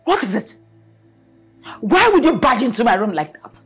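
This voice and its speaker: A husky, scolding Nigerian mother. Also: a little high, very animated, moderate pace, a bit bright, faint music behind, full character voice. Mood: angry. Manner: scolding, repeats herself in bursts. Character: domineering wealthy mother, scornful and stern. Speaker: mother of the house. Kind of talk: film drama acting.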